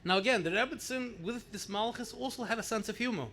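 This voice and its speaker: High-voiced man telling family stories. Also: fast talker. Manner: animated anecdotal storytelling, repeats words for emphasis. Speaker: rabbi sharing memories at a gathering. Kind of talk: storytelling speech.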